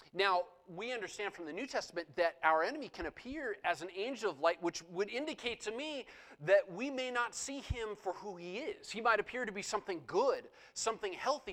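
A male pastor speaks to his congregation in a voice on the higher side for a man. His tone is relaxed and conversational, and he often pauses on small fillers as he moves from prayer into announcements and a sermon.

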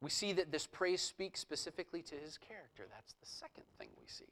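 A man's voice: fairly high pitch, very animated, fairly quick, a bit bright, rough recording. A man preaching a sermon, explaining a scripture passage verse by verse and reading passages aloud with rising intensity. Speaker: pastor.

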